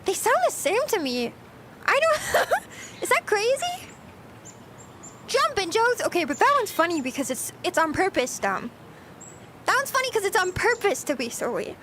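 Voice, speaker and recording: A woman's voice: very high-pitched, big pitch swings, normal speed, pauses often, fairly bright tone, slight background noise. A young woman streamer rambling through casual chat with her viewers, giggling often.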